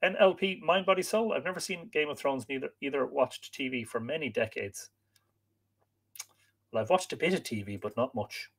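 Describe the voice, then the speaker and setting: A man's voice: medium pitch, moderate pace, slightly rough. A man, host of a live stream, reading an old story aloud and chatting with viewers between passages.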